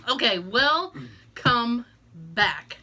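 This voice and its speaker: A woman co-hosting a casual podcast, rambling along with plenty of fillers and restarts. Her voice sits fairly high and sounds bright and forceful. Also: very animated, very slow, a little hiss or hum. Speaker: podcast co-host. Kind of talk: casual chat.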